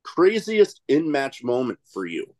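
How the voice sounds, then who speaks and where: A man hosting a casual interview, easygoing and quick to laugh along. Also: mid-range voice, wildly swooping pitch, darkish tone, no room sound. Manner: easygoing, reacts with short laughs. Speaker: podcast host.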